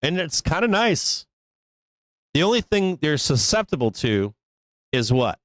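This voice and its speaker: Guy hosting a live trading show, kinda high voice, swears a lot, blunt and rambly, dry sound. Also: sing-song, a little slow, fairly bright tone, dry recording. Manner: profane, blunt and emphatic, rambling. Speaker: stock market show host. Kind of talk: casual live trading commentary.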